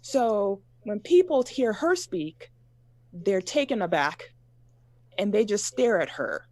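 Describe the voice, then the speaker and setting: A woman in a casual panel discussion, telling personal stories in a measured way, pausing often. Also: mid-range voice, very animated, darkish tone, no room sound.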